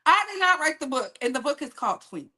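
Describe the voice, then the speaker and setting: Female gossip streamer with a high, bright voice; animated, chatty, laughs a lot. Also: quick pace. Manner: animated, laughs often, talks straight to her chat. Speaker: gossip livestream host. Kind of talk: casual livestream gossip chat.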